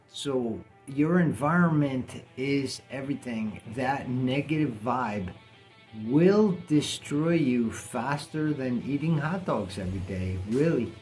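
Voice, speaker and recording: A man's voice: mid-range voice, a little mellow. A man talking bluntly and casually to camera in a vlog, cursing now and then. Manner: blunt, plainspoken, swears casually. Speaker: vlogger.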